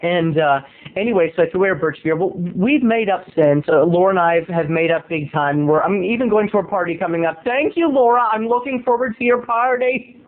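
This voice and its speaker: A high-pitched man speaks briskly into his home camera mic, video blogging from home with phone-quality sound. He tells a gossipy comic story in a theatrical, playful way.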